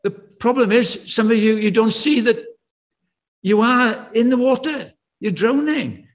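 An older man preaching a sermon, chatty and anecdotal, slowing down to repeat key words with emphasis and dropping in wry, self-deprecating asides. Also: very high voice. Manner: conversational and anecdotal, with slow emphatic repetition.

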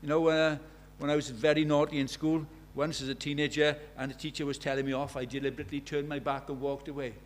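In church, a preacher with a slightly high voice for a man repeats his points emphatically and poses rhetorical questions, dropping from forceful statements to hushed asides. Yet his delivery is flat and quick with hardly any pauses, over slight background noise.

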